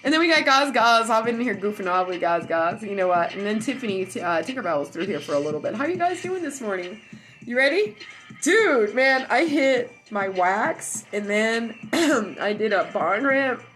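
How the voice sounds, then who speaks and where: Loud woman chatting on a livestream. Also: a little high, moderate pace. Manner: loud and animated storytelling. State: high from cannabis. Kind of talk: casual livestream chat. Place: at home indoors.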